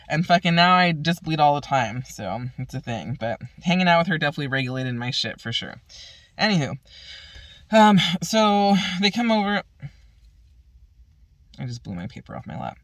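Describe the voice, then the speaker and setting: A woman's voice: sits low, lively intonation, fairly quick, a bit bright, no room sound. Foul-mouthed woman rambling through a story. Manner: profane, rambling, retells talks with "I'm like"; laughs at own stories. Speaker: vlogger. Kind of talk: casual storytelling monologue.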